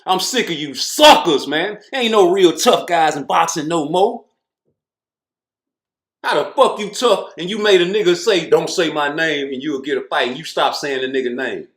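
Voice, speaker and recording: A man's voice: a little high, expressive, moderate pace, a bit bright, reverberant. A man giving blunt, profane, mocking commentary in a ranting style. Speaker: boxing commentator.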